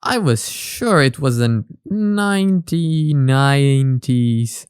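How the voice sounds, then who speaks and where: A man's voice: mid-range voice, lively intonation, slow pace, a little mellow, clean tone, no echo, clean studio sound. A young man hosting a reaction video, talking casually in a rambling, self-mocking way. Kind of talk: casual chat.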